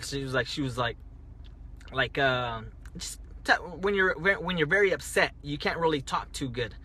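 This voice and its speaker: A man's voice: on the high side, animated, normal speed, sharp tone. A man telling a story on a casual phone livestream, rambling, restarting and repeating himself as he talks. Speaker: livestreaming driver. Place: parked car at night.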